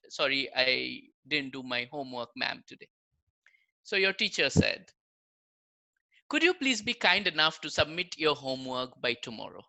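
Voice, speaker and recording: A man's voice: sits high, bright, forceful tone, low-quality recording. A man giving an online public lecture on language, explaining with examples in a conversational way and often checking in with the listeners. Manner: conversational, explains with examples, keeps checking in with "right?" and "you know". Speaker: guest lecturer, language researcher.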